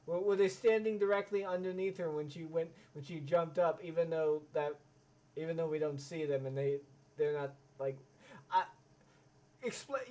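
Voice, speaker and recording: A man's voice: on the high side, a little mellow. A man giving live reaction commentary, ranting and swearing with many stammering restarts. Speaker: reaction streamer.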